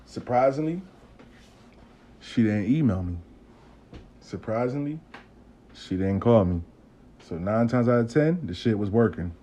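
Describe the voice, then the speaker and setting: A man's voice: mid-range voice, animated, measured pace, long pauses, dark tone. A man telling a long casual story to camera, swearing freely and acting out the dialogue. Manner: profane, conversational, acts out dialogue.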